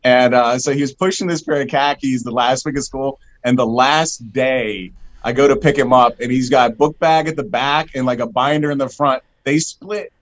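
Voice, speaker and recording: Laid-back dad on a dull remote line. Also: male voice, mid-range voice, steady tone, normal speed. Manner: laid-back storytelling, swears. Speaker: podcast guest, a father. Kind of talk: casual comedic chat.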